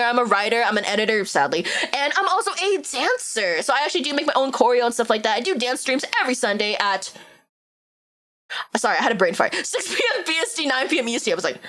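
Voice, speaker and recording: A woman streamer and VTuber chats casually with her viewers while playing a game on a live stream. Her voice is fairly high, sing-song, bright, and forceful, and she's giggly and rambling, restarting herself quickly.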